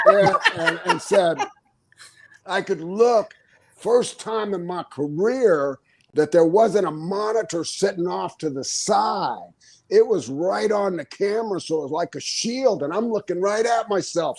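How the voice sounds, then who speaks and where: An older man, a retired wrestler, telling stories in an interview, acting out quotes and laughing often. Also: sits high. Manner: animated storyteller, acts out quotes, laughs often. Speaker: guest, retired pro wrestler. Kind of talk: storytelling interview.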